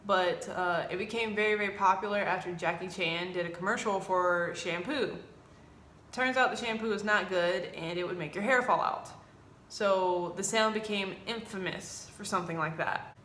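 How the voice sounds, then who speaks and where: A woman's voice: mid-range voice, slight background noise. Young woman vlogging in an echoey room. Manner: animated, acts out students' lines in quoted voices. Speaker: English teacher in China. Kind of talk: casual vlog storytelling.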